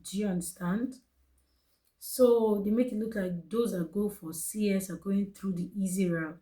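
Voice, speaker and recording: Earnest Nigerian woman, mellow voice. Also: medium pitch, rough recording. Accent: Nigerian English. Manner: earnest, emotional, repeats phrases for emphasis. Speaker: vlogger. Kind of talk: personal storytelling to camera.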